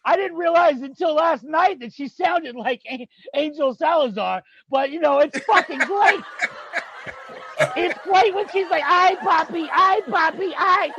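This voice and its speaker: A man's voice: extremely high pitch, measured pace. A man voicing a foul-mouthed, angry male Christmas elf who rants and swears at a comedy roast. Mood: ranting. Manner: gruff, swearing, ranting. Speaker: roast guest. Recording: dull lo-fi audio with background noise.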